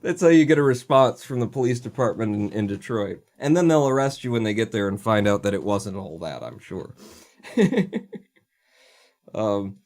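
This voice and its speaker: A man's voice: fairly low pitch, animated, normal speed, darkish tone. A man hosting a casual livestream, ranting sarcastically and swearing freely as he chats. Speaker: livestream host.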